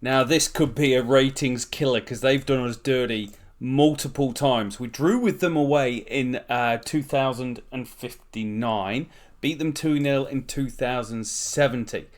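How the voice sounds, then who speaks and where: A man hosting a let's-play, giving chatty, excitable and jokey commentary on his game. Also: mid-range voice, measured pace. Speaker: gaming channel host.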